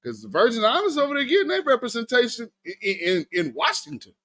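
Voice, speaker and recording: A man's voice: very high voice, fast talker. A man hosting a live stream, giving casual political commentary, talking to his chat and laughing often. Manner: animated, laughing, talks to chat. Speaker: livestream host.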